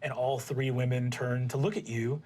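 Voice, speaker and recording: A man's voice: medium pitch, steady tone, moderate pace, dark tone, slight background noise. Man narrating a tabletop game, loose and profane. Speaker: game master.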